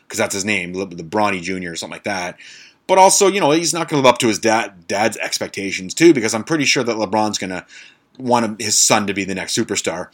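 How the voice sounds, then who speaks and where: A man's voice: fairly low pitch, expressive, fairly quick, a bit bright. A man hosting a casual monologue podcast, blunt and sarcastic, swearing freely and stumbling over fancy words. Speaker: podcast host.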